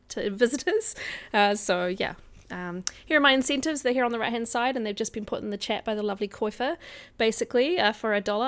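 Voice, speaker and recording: Young NZ woman, casual streamer, chatty and upbeat. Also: medium pitch. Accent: New Zealand. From New Zealand. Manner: chatty and upbeat, with frequent ums. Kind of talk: casual live-stream talk.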